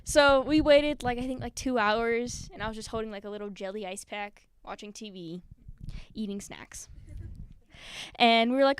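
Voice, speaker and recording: Speaking at normal speed in a smooth, higher-pitched voice, a spoken word performer tells a personal story on stage at a live community event. She giggles nervously and acts out the scenes, animating the quotes as she goes.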